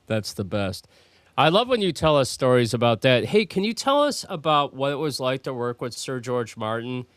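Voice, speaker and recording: A man's voice: medium pitch, sing-song, normal speed, no room sound, studio quality. A man hosting a radio show, prompting his guest with eager, upbeat questions. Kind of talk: interview questions.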